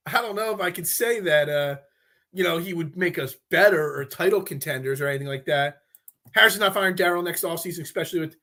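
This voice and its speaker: A man talking sports on a casual live stream, his voice pitched high and sharp-edged. He rambles and trips over his words, restarting sentences as his frustration builds. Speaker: sports talk show host.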